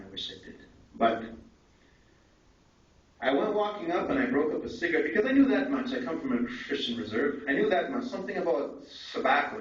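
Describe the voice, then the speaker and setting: A man's voice: medium pitch, a bit bright. A young man telling his life story to a conference audience, candid and conversational, with frequent tag questions like "eh" and "right". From Canada. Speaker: conference speaker. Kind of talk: personal testimony talk. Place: large echoey conference hall. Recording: echoey, distant, dull lo-fi hall recording.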